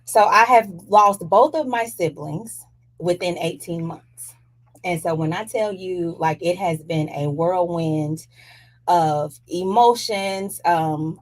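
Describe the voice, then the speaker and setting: A woman's voice: fairly low pitch, slow pace. A woman hosting a talk show, chatting casually and speaking candidly about personal matters from the show's studio. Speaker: show host.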